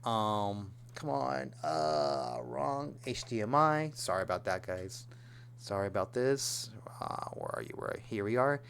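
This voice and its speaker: A young man chatting casually in a vlog, excitable and rambling, with lots of fillers and restarts. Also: lowish voice, unhurried, slight background noise. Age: young adult. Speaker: gaming YouTuber.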